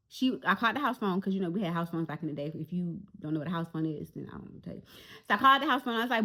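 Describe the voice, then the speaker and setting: Animated woman in her forties telling a story, bright, lively delivery. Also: mid-range voice, rapid-fire. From Jacksonville, Florida. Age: 40s. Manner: animated, talks straight to viewers. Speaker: vlogger. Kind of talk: storytime vlog.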